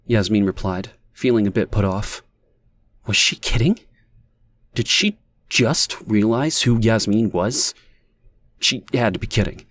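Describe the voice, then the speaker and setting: A man's voice: fairly low pitch, measured pace, dry recording. Man narrating an audiobook, dry sound. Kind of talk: scripted narration.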